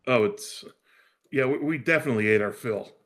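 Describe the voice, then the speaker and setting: A man's voice: mid-range voice, a little fast, a bit bright. A man co-hosting a live podcast in casual chat, mostly chiming in with short, laid-back agreement. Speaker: podcast co-host.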